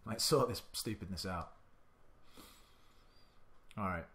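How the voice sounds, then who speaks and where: A man's voice: lowish voice, takes it slowly, long pauses, sharp tone. A man giving indecisive let's-play commentary, muttering to himself and swearing now and then. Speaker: gaming channel host.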